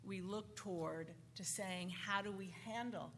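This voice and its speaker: A woman speaking on a conference panel, halting and often restarting her sentences. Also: medium pitch, fairly bright tone. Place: conference hall. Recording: conference hall reverb, faint noise.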